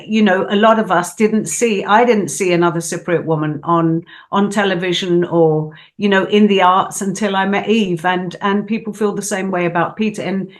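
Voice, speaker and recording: A woman's voice: medium pitch, fairly even intonation, normal speed. An older woman, a guest performer, talking enthusiastically in a casual studio interview with frequent "you know"s.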